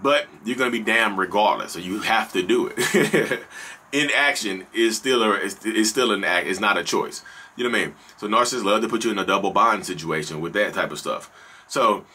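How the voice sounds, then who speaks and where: A man's voice: lowish voice, moderate pace, sharp tone, breathy edge. A man with a Southern North Carolina accent giving an earnest, conversational to-camera talk, repeating himself and speaking straight to his listeners. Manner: earnest, repetitive, conversational, addresses listeners directly. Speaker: vlogger discussing narcissism. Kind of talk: casual to-camera monologue.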